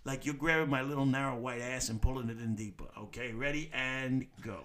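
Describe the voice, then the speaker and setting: A man's voice: mid-range voice, a little fast, fairly bright tone. A man hosting a talk show, joking and teasing his caller in a crude, playful way. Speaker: radio show host. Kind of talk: crude comedic banter.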